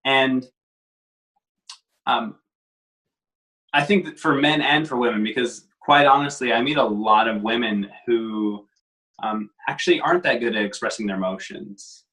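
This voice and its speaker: A man talking as a guest in a casual conversation, reflective and measured, with frequent pauses. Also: mid-range voice, pushed and bright, low-quality recording.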